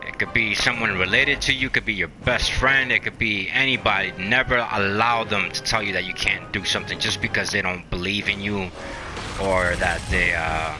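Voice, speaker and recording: A man's voice: fairly low pitch, moderate pace, music in the background. A man casually chatting while playing a video game, rambling and encouraging, with lots of fillers. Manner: rambling, motivational, many fillers. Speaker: gaming channel host.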